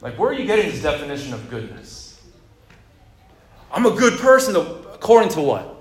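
A man preaching a sermon in a relaxed, conversational way, with jokes and asides to the congregation. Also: a little high, fairly quick. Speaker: pastor. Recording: echoey room.

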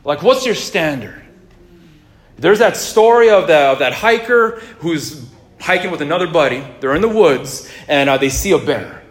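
A man preaching a sermon in a relaxed, conversational way, with jokes and asides to the congregation. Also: a little high, moderate pace. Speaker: pastor. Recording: echoey room.

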